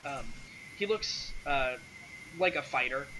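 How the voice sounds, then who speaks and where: A man narrating a tabletop game as game master in a relaxed way, with frequent ums and uhs. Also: medium pitch, takes it slowly, noisy background. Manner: relaxed, many fillers.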